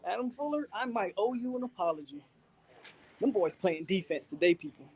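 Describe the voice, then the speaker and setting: A man hosting a live fan reaction stream, out of breath, talking in excited, repetitive slang outdoors in the wind. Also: high voice, fairly quick, husky. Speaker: channel host. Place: outdoors, windy.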